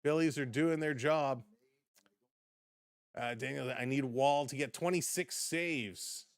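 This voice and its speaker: A man's voice: mid-range voice, slow, no room sound. A man hosting a live sports stream, chatting casually with viewers, reading chat aloud and laughing often.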